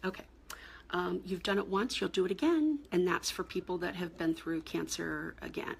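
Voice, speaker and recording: Gravelly, husky-voiced blunt woman. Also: fairly low pitch, moderate pace. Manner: blunt, exasperated, emphatic with rising outbursts. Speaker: cancer coach. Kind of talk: direct-to-camera advice talk.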